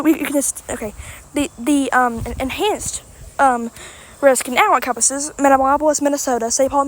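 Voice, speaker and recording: A tired woman giving a casual spoken weather outlook update, halting and stumbling over words with many restarts. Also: high-pitched. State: tired after mowing.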